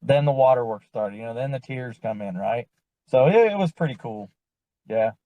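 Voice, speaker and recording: A middle-aged man tells a racing story in a loose, folksy way, circling back and acting out what others said. His voice sits at an ordinary middle pitch. The recording is close and dry. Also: normal speed, no room sound, muffled recording. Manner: rambling, folksy, acts out other people's lines. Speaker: crew chief, driver's father. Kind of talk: casual storytelling chat.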